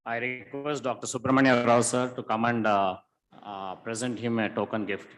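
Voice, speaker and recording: A man's voice: medium pitch, little pitch movement, normal speed, low-quality recording. A man, announcing speakers at a conference in a formal, courteous way. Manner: formal, courteous, repeats sir. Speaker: master of ceremonies. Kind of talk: stage announcements.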